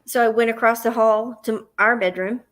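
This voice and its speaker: A woman's voice: a little high, fairly even intonation, moderate pace, fairly bright tone. A woman with a Southern US accent, hosting a livestream and telling a long personal story, acting out her own panic in the quoted parts. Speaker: host.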